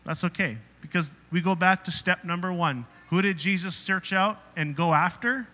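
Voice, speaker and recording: Male pastor, high and very bright voice, conversational sermon with a long hall echo. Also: moderate pace. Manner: conversational, asks the congregation questions; acts out quoted voices in retelling. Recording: reverberant hall.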